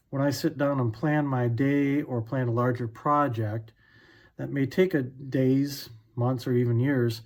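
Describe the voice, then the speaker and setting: Man, financial advisor, mid pitch, relaxed, unscripted, fillers and restarts. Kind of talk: short faith-based finance talk.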